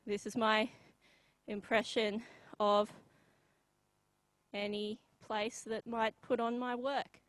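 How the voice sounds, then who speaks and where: Slow deadpan Australian woman. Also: a little high, slight background noise, low-quality recording. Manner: deadpan, halting with many pauses and ums. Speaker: comedy performer. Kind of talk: live comedy sketch.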